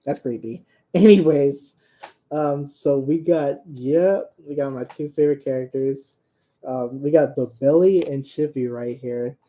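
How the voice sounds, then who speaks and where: Young male streamer, casual and jokey; slow delivery, soft dark tone. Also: medium pitch. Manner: rambling, joking, laughs often, gets worked up and shouts. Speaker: comic creator streaming. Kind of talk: casual livestream chat.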